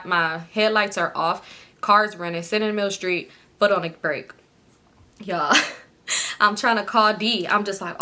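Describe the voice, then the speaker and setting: A young woman telling a storytime story in a casual, animated way, swearing freely and acting out quotes in a higher voice. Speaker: storytime vlogger.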